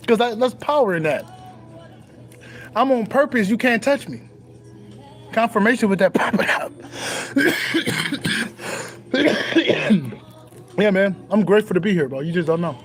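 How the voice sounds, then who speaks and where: Young man, high voice, emphatic and profane spiritual monologue, faint music bed. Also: lively intonation, unhurried, pauses often. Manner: profane, emphatic, repeats phrases. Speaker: spiritual content creator.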